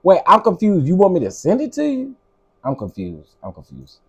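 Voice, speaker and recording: Husky, lively-voiced middle-aged man ranting. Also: sits high, normal speed. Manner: exasperated, ranting, talks back to chat. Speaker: livestream commentary host. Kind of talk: casual live commentary.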